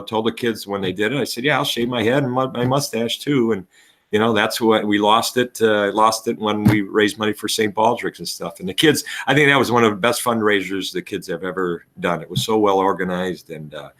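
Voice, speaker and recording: A man spins animated stories from a long teaching and coaching career. His voice is bright and forward, and he drops into quick impressions of the people in his anecdotes. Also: lowish voice. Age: 60s. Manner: animated storyteller, acts out voices. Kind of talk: casual podcast chat.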